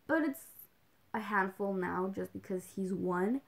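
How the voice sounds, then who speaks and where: In a creaky, medium-pitched voice, a young woman talks a little slowly while hosting a livestream. The chat is casual and rambling, packed with "like"s and small laughs, with Spanish phrases slipped in from time to time.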